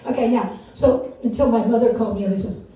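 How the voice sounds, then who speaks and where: A woman's voice: a little high, fairly even intonation, fairly quick, a crowd in the background. An older woman in her sixties doing a rambling, self-mocking stand-up set, laughing at her own jokes. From Wisconsin. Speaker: stand-up comedian. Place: small comedy venue. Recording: echoey room from a distance.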